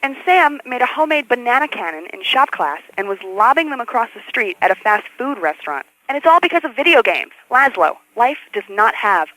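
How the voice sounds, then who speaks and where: A man's voice: very high voice, big pitch swings, fairly quick, few pauses, pushed and bright, exaggerated voice, rough recording. An actor playing a worried, moralizing mother calling a talk show. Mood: fretful. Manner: fretful, moralizing. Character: worried mother caller, anxious and preachy. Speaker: caller.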